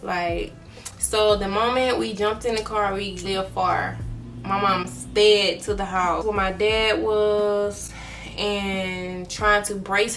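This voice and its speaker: Bright-voiced woman telling a story. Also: mid-range voice, recorded from a distance. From Mobile, Alabama. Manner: earnest, emotional retelling, addresses viewers as y'all. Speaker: vlogger. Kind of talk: storytime vlog.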